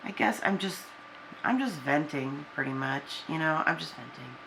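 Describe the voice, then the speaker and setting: A woman in her forties talking to a camera, venting in a halting, downcast way with many restarts. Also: low-pitched, expressive, vocal fry, noisy background. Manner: subdued and downcast. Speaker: vlogger. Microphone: camera with a person filming.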